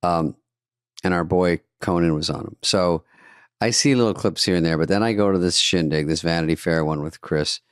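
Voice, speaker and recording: Older guy cohosting a podcast, real low voice, dry sarcastic riffs, no room echo. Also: moderate pace, clear, resonant tone. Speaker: podcast co-host. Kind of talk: casual chat. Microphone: studio podcast mic.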